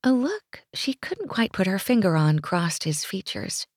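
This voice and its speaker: A woman narrating a romance audiobook in an expressive, scripted style. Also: mid-range voice, measured pace, husky, no echo, clean studio sound.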